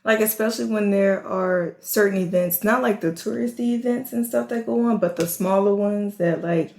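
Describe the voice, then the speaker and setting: Mid-pitched New woman co-hosting a chat podcast; relaxed and chatty; echoey room. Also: moderate pace, gravelly. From New Orleans. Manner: chatty, relaxed, filler-heavy. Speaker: podcast co-host. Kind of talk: casual chat. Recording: roomy echo.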